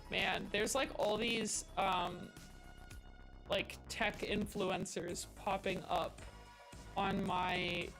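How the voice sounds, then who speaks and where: A woman's voice: medium pitch, level tone, very slow, a bit bright, faint music behind. A woman live-streaming as she codes, chatting casually and thinking aloud in a rambling way with many fillers. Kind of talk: casual live-stream chat while coding.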